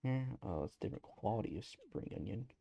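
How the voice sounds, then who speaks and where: Low-key gravelly male game streamer. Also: big pitch swings, a little fast, dark tone, no echo, muffled recording. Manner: playful, muttering silly sing-song asides; low-key, subdued delivery. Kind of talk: casual gameplay commentary.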